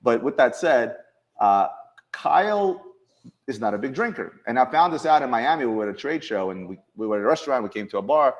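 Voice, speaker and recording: A man hosting a casual chat with coworkers in an office, telling stories in an animated way and often restarting his sentences. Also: medium pitch, a little fast. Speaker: show host.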